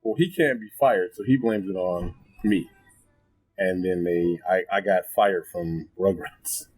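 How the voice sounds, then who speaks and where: A man telling a funny story in casual chat, animated and laughing often, his voice jumping high when excited. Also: measured pace, husky, soft background music, rough recording. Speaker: podcast guest. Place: restaurant table.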